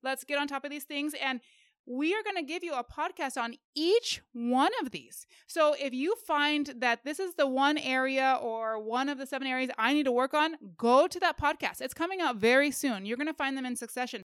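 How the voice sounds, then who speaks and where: A woman's voice: sits high, moderate pace, fairly bright tone, no echo, clean studio sound. A woman co-hosting a faith-based self-help podcast, talking to listeners in a direct, upbeat and encouraging way. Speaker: podcast co-host.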